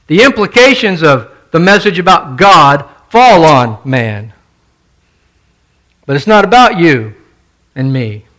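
Pastor guy preaching, pretty high voice, keeps hammering the same point, asks the room "right?". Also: big pitch swings, slow, pauses often, a bit bright. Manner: emphatic, repeats key points, asks the congregation questions. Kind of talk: sermon.

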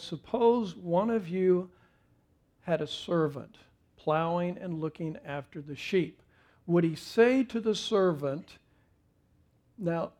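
A man with a fairly high voice preaching to his congregation. He speaks in a folksy, self-deprecating way, mixing a homely story with plain teaching from the text. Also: a little mellow. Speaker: pastor. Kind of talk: sermon with personal story.

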